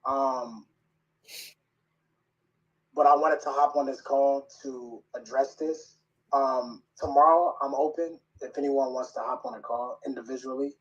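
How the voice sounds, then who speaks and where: A man speaking hesitantly on a video call, filling pauses with um. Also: mid-range voice, fairly even intonation. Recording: muffled video-call audio from a distance.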